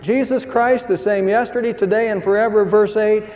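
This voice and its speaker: Male pastor, emphatic preacher, higher-pitched voice, lo-fi recording in a big echoing church. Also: fairly even intonation, moderate pace, darkish tone. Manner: emphatic preaching, rising pitch on key phrases. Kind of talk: sermon. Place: church sanctuary. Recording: dull sound with long hall reverb.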